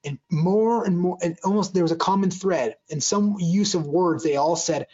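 A man's voice: high-pitched, moderate pace, hardly any pauses, darkish tone. A man giving an earnest motivational talk, often restarting sentences and acting out quoted conversations. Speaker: speaker on joy at work. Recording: dull lo-fi sound.

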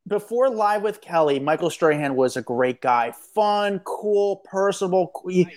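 A man's voice: high voice, lively intonation, moderate pace, darkish tone. A man co-hosting a podcast, speaking bluntly in casual talk and repeating himself for emphasis. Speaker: podcast co-host. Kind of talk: casual chat.

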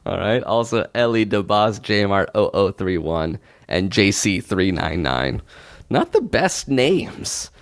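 A man's voice: low voice, unhurried, gravelly, no echo, studio quality. A man co-hosting a comedy podcast, chatting casually with frequent laughter and joking riffs. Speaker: podcast co-host.

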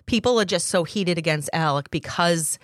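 A woman co-hosting a casual podcast. She agrees often and chimes in with quick replies. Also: fairly low pitch, dry recording, studio quality. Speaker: podcast co-host. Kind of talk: casual chat.

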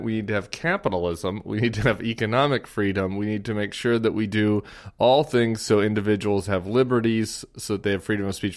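Lively man hosting a podcast. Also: fairly low pitch. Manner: animated, reads out quotes with laughs. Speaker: podcast host. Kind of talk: casual political chat.

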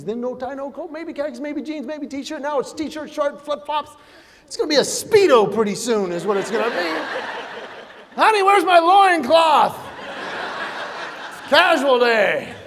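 A middle-aged man performing animated stand-up comedy, breaking into shouted, acted-out quotes. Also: sits high. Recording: live hall with long reverb, faint noise.

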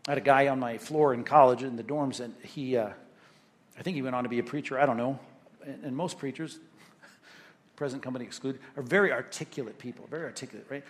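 A man's voice: medium pitch, fairly even intonation, quick pace. A male pastor preaching a sermon in an emphatic, conversational way, often checking in with "right?".

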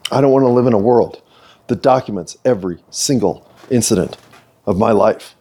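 His voice is mellow and mid-range. Hosting his own video series, this middle-aged American man reflects earnestly to the camera, slipping in the occasional playful aside.

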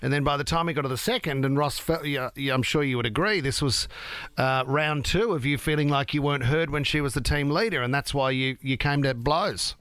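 A man calmly explaining his view in a casual radio chat. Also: medium pitch, fairly quick, clean tone, no room sound.

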